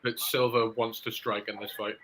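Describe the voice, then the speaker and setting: A man co-hosting a casual fight chat, teasing his co-host and quick to push back. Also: on the low side, flat delivery, fairly bright tone, slight background noise, low-quality recording.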